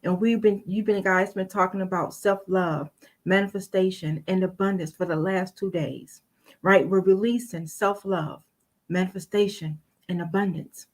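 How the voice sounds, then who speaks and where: A woman's voice: mid-range voice, fairly even intonation, moderate pace. An older woman speaking as a guest on a virtual summit, earnest and rhetorical, putting question after question straight to her listeners. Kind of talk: motivational talk.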